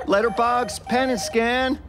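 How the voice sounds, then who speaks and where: A woman's voice: fairly high pitch, steady tone, a little slow, close to an everyday voice. An actress playing an angry mother who complains as a customer in an audio drama. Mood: irritated. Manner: impatient, complaining.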